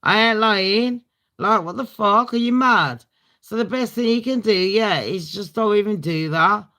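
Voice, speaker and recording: A woman's voice: mid-range voice, a little slow, fairly bright tone. A British woman hosting a casual storytime chat, blunt and full of swearing and laughing asides. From Britain. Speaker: livestream host.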